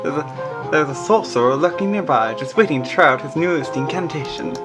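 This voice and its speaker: A woman at the controls of a let's play, reading the on-screen narration in an animated, up-and-down voice. She fills the pauses with easy hums and yeahs, with faint music underneath. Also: low voice. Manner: relaxed, murmuring fillers between read-outs. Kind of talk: casual game commentary, reading game text aloud.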